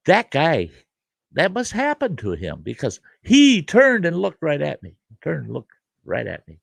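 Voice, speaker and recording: A man's voice: fairly high pitch, normal speed, no echo. An older man, hosting and telling a story casually, chuckling as he goes. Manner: animated, chuckling, dry gravelly delivery. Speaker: host.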